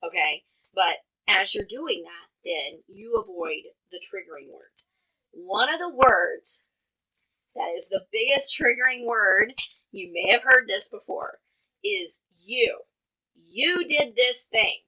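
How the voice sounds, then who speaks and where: A woman's voice: medium pitch, animated, slow, bright, forceful tone, rough recording. A woman, a mother co-hosting a podcast, explaining communication tips casually while thinking aloud with fillers. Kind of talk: casual advice chat.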